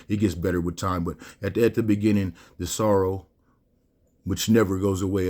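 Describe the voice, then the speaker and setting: A man's voice: deep voice, darkish tone. A middle-aged man hosting a raw monologue, full of rhetorical questions and slang, getting emotional and close to tears as he talks. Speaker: host. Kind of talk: monologue to camera.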